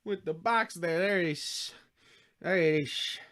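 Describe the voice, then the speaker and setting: A man's voice: sits high, measured pace, a bit bright. A tired man hosting a casual livestream, rambling and jokey, swearing freely and slipping into silly accents. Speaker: livestream host building model kits.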